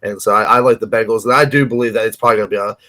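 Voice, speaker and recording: A man's voice: on the low side, steady tone, rapid-fire, sharp tone. A man co-hosting a sports betting podcast, talking casually in a rambling, hedging way with frequent restarts. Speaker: podcast co-host.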